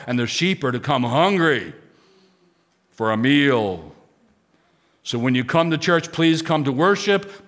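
A man's voice: mid-range voice, fairly bright tone. A man pastor from Pennsylvania preaching a sermon with emphatic lists and rhetorical questions. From Pennsylvania, United States.

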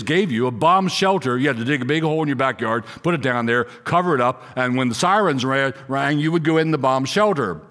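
A middle-aged man preaching a sermon to a congregation in a church, earnest and repetitive, dropping low for asides. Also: fairly bright tone. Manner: earnest, repeats key words, drops low for asides. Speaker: pastor.

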